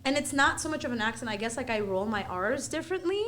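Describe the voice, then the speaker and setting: A woman's voice: a little high, lively intonation, quick pace, a bit bright, a little hiss or hum. Bubbly young woman with an American accent. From Armenia. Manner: bubbly, giggly, many "like" fillers. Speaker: guest. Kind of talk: casual interview chat.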